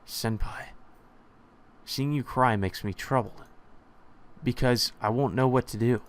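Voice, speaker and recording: A man voicing an earnest young man who speaks quietly and tenderly. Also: medium pitch, unhurried, clear, resonant tone, no echo, natural voice. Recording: music playing behind.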